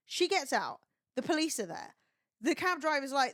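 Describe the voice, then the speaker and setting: A woman's voice: high-pitched, big pitch swings, moderate pace, fairly bright tone, no echo, clean studio sound. A young woman streaming, retelling gossip in a sweary, chatty way. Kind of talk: casual livestream chat.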